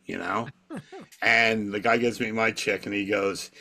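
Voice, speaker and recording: A comedy magician chatting casually, telling a backstage story and acting out the dialogue. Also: male voice, fairly low pitch, vocal fry. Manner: quick, lively storytelling that acts out dialogue. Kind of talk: casual chat, telling stories.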